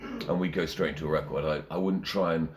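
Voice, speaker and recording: An older man with a very deep voice tells stories with relish, mimicking the people he quotes and laughing along. A faint hiss sits under the recording. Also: brisk. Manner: animated, acts out quotes and laughs. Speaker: interview guest, radio DJ and music man. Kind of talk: anecdotal storytelling.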